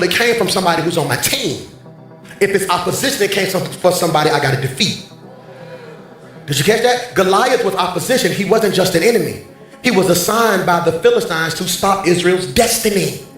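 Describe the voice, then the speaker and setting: Guy preaching on a church stage, high voice, animated, faint music behind him. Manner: animated, call-and-response preaching with banter. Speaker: pastor. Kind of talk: sermon. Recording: very echoey hall, faint music.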